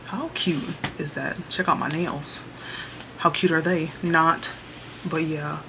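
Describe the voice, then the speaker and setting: A woman's voice: deep voice, fairly even intonation, slow pace, noisy background. A young woman in casual vlog chat from her small bedroom office, upbeat and chatty, saying y'all, recorded on a camera mic. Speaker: vlogger. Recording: music playing underneath.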